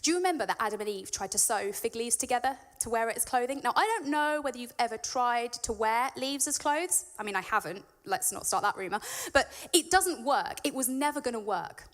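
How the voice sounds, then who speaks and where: A woman's voice: fairly high pitch, animated, a little fast, hardly any pauses. A woman preaching in a church, reading scripture and then explaining it in an earnest, conversational way that builds to emphatic peaks. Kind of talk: sermon with Bible reading.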